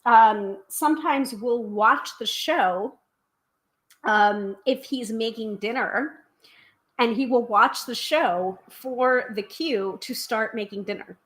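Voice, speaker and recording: A US woman with a voice on the high side runs a tarot live stream. Her delivery is fast and casual, full of "um"s, and she reads out comments from her viewers.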